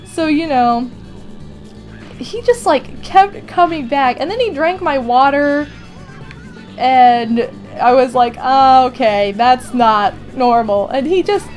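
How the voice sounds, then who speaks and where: A young woman hosting a gaming video, telling a funny story in a casual, animated way with many fillers and frequent laughter. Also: sits high, takes it slowly, faint music behind. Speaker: gaming channel host. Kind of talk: casual storytelling over gameplay.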